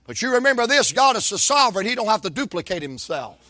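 A man preaching a sermon, folksy and dramatic, swinging from shouts to whispers. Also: sits high, big pitch swings, quick pace.

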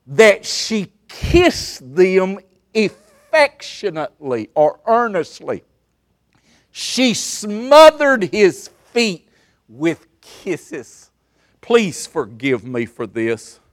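A man preaching with a drawl, his voice sitting a little high for a man. He stretches his words out slowly and leans on each one. He lurches from loud cries to near-whispers. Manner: dramatic, swinging between loud outbursts and hushed asides. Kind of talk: revival sermon. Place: camp meeting service.

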